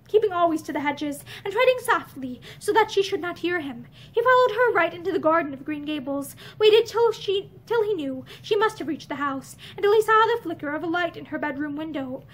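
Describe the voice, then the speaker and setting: A woman reads a novel aloud with an expressive, earnest delivery. Her voice is very high. She sits facing the camera in an indoor room lined with bookshelves. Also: a little fast. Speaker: audiobook reader.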